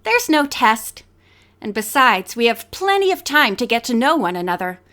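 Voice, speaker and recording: Woman doing a soft-spoken, gentle young model. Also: fairly high pitch, big pitch swings, moderate pace.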